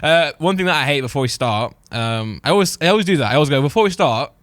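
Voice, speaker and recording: Animated, fast-talking young man. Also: no echo. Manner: laughing storyteller with bursts of high excitement. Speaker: podcast co-host. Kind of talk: casual chat.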